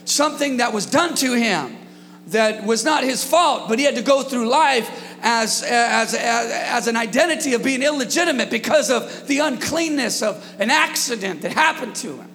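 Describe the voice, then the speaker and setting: A man preaching a sermon to his congregation, energetic and calling out to them, sometimes shouting at his peaks. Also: very high-pitched, normal speed, big-room sound, a little hiss or hum. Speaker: pastor. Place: church hall.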